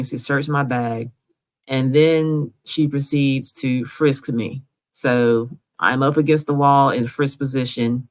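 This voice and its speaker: A woman hosting her own show, telling her story in a conversational way and checking in with the listener as she goes. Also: rumbling low. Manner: conversational, recounting events step by step with frequent "right?". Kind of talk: first-person storytelling over recorded audio.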